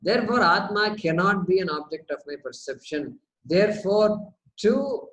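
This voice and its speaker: A man, teaching a spiritual class in a relaxed back-and-forth with students. He talks in a lively way, asks one rhetorical question after another and often repeats words as he builds his point. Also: high-pitched, slight background noise, poor audio. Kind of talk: question-and-answer teaching session.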